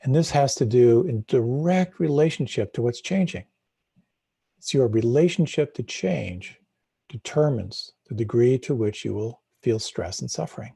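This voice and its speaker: A man's voice: medium pitch, animated, normal speed, gravelly, dark tone, husky, dry recording, studio quality. A middle-aged man giving a live meditation talk, reflective, asking questions aloud and circling back on his words. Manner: reflective, asks questions aloud, repeats words when restarting. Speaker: meditation teacher.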